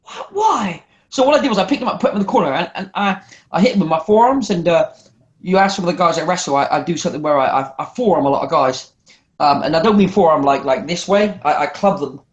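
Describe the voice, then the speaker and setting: A man's voice: a little high, fast talker, highs cut off. A man in casual podcast chat, telling stories animatedly, swearing freely. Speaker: wrestler guest.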